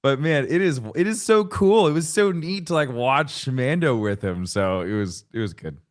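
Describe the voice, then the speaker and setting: A man co-hosting a podcast, chatting in an animated, jokey way and laughing often. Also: medium pitch, moderate pace. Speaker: podcast co-host. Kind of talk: casual chat.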